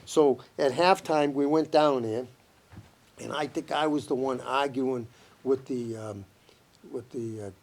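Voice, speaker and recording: A man with a Boston accent, a guest telling stories in a lively, animated way in casual chat. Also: medium pitch, unhurried.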